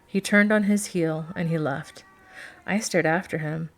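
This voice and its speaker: A woman narrating a first-person romance novel in a steady, expressive reading. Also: deep voice, unhurried. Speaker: audiobook narrator.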